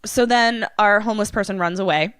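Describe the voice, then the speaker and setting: A woman co-hosting a podcast, casually retelling a movie plot with swearing and animated character voices. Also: medium pitch, fairly quick, clear, resonant tone, no echo, clean studio sound. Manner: animated storyteller, acting out characters' lines. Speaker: podcast co-host.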